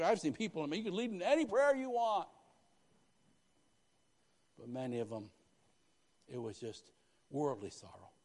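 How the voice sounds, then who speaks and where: A male pastor preaching a sermon, swinging from loud, rising exhortation to hushed, quiet confession, often speaking in quoted prayers and repeating phrases. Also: on the high side, wildly swooping pitch, moderate pace, pauses often, breathy edge. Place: church.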